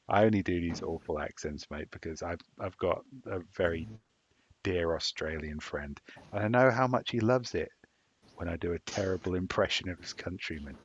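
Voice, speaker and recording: A deep-voiced man from England co-hosts a podcast, talking casually and swearing often as he emphatically fires up his listeners. The recording has a dull, dry, lo-fi sound with slight background noise.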